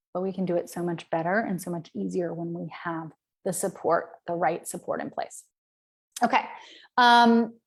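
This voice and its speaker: Chatty woman coach from the South. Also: mid-range voice. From American South. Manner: chatty and candid, peppered with "right?" and "um". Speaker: business coach. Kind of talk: casual live-stream coaching talk.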